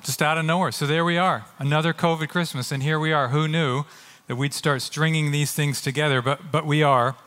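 A man preaching a sermon as pastor, earnest and animated, often acting out quotes. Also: a little high, brisk, in a large hall. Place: church sanctuary.

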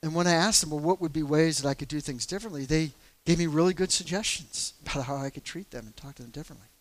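Candid storytelling man, slightly high voice. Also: fast talker, no echo. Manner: candid, self-deprecating storytelling with many fillers. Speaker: church elder. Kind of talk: casual talk on faith.

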